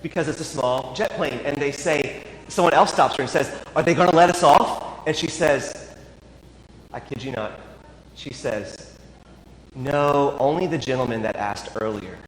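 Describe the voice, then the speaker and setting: Priest guy telling a funny story from the pulpit, kinda high voice, big echoey church, faint hum behind. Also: normal speed. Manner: storytelling with wry humor. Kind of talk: sermon story. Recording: echoey church with long reverb.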